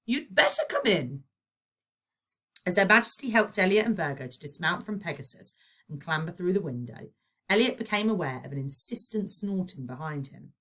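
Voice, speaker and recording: A woman with a British accent, a primary school teacher, reading a children's novel aloud with expressive storytelling. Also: lowish voice, a little fast. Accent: British English.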